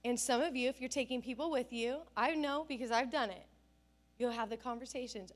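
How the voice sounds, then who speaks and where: A woman's voice: fairly high pitch, fairly quick. A woman pastor preaching a conversational sermon, telling stories with self-deprecating humor.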